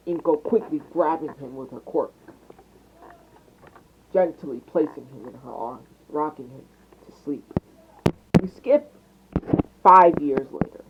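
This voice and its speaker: A young man telling an improvised fan story, rambling and stopping to correct himself. His pitch roams widely, and the sound is thin and phone-like with a faint hiss behind. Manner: rambling, hesitant, with restarts. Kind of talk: improvised fan-fiction narration. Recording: tinny phone mic.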